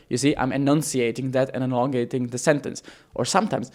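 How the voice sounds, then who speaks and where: A man teaching copywriting on camera in a casual, energetic way, swearing freely and shifting his pace and loudness for emphasis. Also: medium pitch, quick pace. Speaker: copywriting coach.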